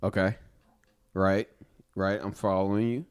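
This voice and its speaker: Low-voiced man, animated casual chat. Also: measured pace, smooth. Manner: animated, laughs often, swears. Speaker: podcast co-host.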